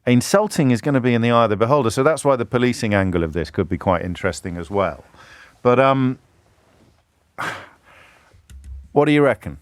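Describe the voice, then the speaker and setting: A middle-aged man hosting a radio phone-in, talking in a lively, self-interrupting way and slipping into mimicked heckler voices. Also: mid-range voice, moderate pace, long pauses, smooth, no room sound, studio quality. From England. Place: radio studio. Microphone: studio microphone.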